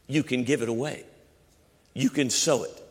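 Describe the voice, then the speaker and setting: A pastor preaching a sermon with emphatic repetition and shifting voices. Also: male voice, mid-range voice, steady tone, moderate pace. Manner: emphatic preaching, repeats phrases, quotes voices. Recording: long hall reverb.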